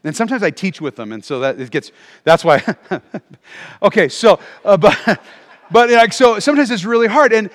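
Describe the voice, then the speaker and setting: A man preaching a sermon as pastor, animated and calling for responses from the congregation. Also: high-pitched, normal speed, long reverb tail. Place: church auditorium.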